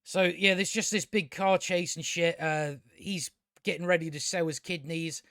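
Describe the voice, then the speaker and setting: Scornful high-voiced man ranting. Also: fairly even intonation, moderate pace, a bit bright, no echo, clean studio sound. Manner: blunt, scornful and profane. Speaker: TV show reviewer. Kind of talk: casual review rant.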